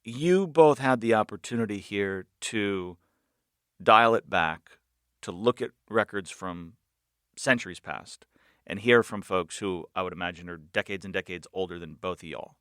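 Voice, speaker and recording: Low-voiced male radio host. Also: moderate pace, fairly bright tone, smooth, no room sound, clean studio sound. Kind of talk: radio talk show hosting.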